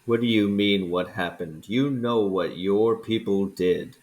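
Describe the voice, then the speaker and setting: A man's voice: on the low side, a little mellow. A man putting on an old, scornful male dragon. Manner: slow, grave, disdainful. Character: ancient proud resentful male dragon.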